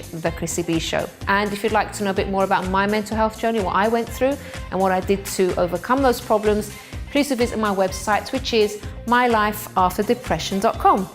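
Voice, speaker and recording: A woman's voice: medium pitch, fairly quick, faint music behind. Earnest British woman talk show host. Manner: earnest, encouraging, direct address with fillers. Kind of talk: host's closing address to viewers.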